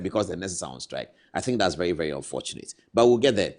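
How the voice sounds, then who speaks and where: A man's voice: deep voice, lively intonation, fast talker, few pauses. Indignant Ghanaian male news anchor. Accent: Ghanaian English. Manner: indignant, rhetorical questions, swings between loud and hushed. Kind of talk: opinionated studio commentary. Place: TV studio.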